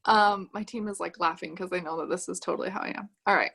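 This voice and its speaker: A woman's voice: lowish voice, fairly even intonation, fast, gravelly, fairly bright tone, breathy edge. A woman leading a sales team on a livestream, giving an upbeat motivational talk and reading comments from the chat aloud. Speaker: direct-sales team leader.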